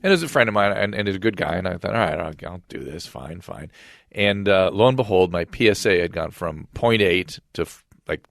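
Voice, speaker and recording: A middle-aged man talking quickly in a fairly low voice. He tells a story with lively quoted back-and-forth. The sound is close and dry, with no room around it. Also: no room sound. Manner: brisk, animated retelling with quoted dialogue. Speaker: podcast host and physician. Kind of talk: casual conversational storytelling.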